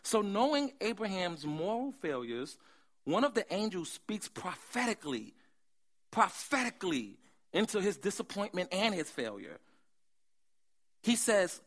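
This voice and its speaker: A man preaching a sermon, animated, swinging from hushed asides to loud emphasis. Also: on the high side, normal speed. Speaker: pastor.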